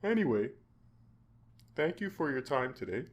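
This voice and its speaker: A man hosting his own podcast, talking in an earnest, halting way with frequent restarts. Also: medium pitch, big pitch swings. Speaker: podcast host. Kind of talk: casual podcast chat.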